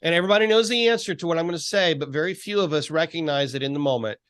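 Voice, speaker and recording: A male coach on a video call speaks in an encouraging, preacherly way and leads with rhetorical questions. His voice sits a little high and sounds dry and close. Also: very fast, a bit bright, clear, resonant tone, no echo. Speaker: life coach. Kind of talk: faith-based coaching call.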